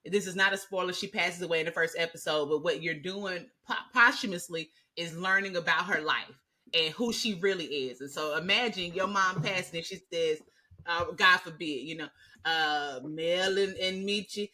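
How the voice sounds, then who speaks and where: A woman co-hosting a podcast in casual chat, animated and swearing freely as she rants. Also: fairly low pitch, normal speed. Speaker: podcast co-host.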